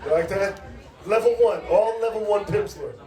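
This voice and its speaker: Far from the mic, a middle-aged man with a high-pitched, warm voice hosts a stand-up show at a large comedy club, speaking at normal speed. He does brash, profane crowd work, teasing the live audience. The room echoes, with crowd noise throughout.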